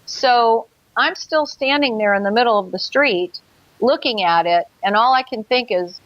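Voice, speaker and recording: A woman's voice: fairly high pitch, moderate pace, no room sound, dull audio. A woman telling her own experience as a guest in an interview, earnest, acting out her past thoughts. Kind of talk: personal account in an interview.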